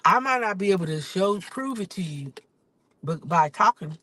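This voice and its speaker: A woman podcaster and rideshare driver venting in a casual live vlog from her car, swinging from low mutters to loud exclamations. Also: animated, normal speed, poor audio. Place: in a car on city streets.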